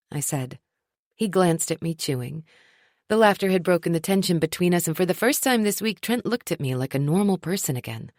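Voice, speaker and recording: A woman narrating a first-person romance audiobook in an expressive, wry storytelling manner. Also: low voice, a little fast, no room sound, clean studio sound.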